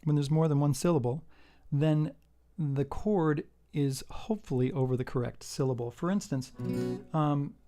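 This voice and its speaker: A man's voice: fairly high pitch, moderate pace, warm tone. A man giving a casual guitar lesson, walking through a song and counting out the beats. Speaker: guitar teacher. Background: acoustic guitar playing.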